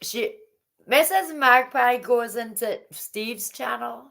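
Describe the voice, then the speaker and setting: A woman's voice: a little high, takes it slowly, vocal fry, fairly bright tone. A woman hosting a live stream, chatty and giggly, playfully scolding her guests. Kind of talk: casual chat.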